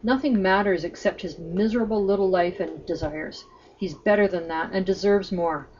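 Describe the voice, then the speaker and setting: A woman's voice: medium pitch, moderate pace, darkish tone, dull audio, a little hiss or hum, natural voice. Woman reading as a defiant frustrated man. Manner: insistent, defiant.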